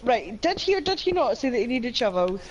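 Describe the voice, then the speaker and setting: A woman's voice: a little high, sing-song, a little fast, lo-fi sound, a crowd in the background. A woman chatting on a gaming stream, teasing and exasperated with her co-host. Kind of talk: casual gaming chat. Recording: background noise.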